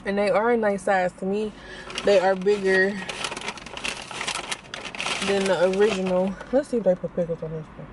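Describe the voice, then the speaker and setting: A woman's voice: mid-range voice, moderate pace, long pauses, background noise. A young woman, chatting casually to viewers as she reviews food in a car on her phone. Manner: chatty, animated, talks to viewers as y'all. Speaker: vlogger.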